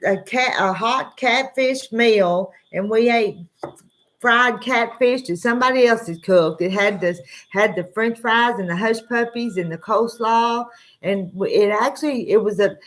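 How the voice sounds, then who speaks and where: A woman's voice: on the high side, measured pace, a bit bright. Rambling Southern woman chatting live. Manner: rambling, laid-back, greets viewers by name. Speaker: livestream host. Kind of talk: casual livestream chat.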